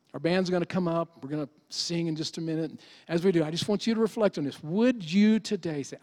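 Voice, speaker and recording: A middle-aged man preaching as a pastor in an earnest, pleading manner, swinging from emphatic urging down to soft, quiet appeals. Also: sits high, fast, few pauses. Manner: earnest, pleading, rising to emphatic exhortation then dropping soft. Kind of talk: sermon.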